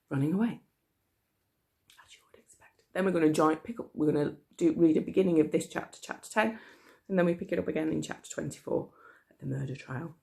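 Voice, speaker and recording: A hoarse teacher, chatty and apologetic, coughing now and then, reading a classic novel aloud to pupils online. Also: medium pitch. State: hoarse, frog in the throat. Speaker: primary school teacher.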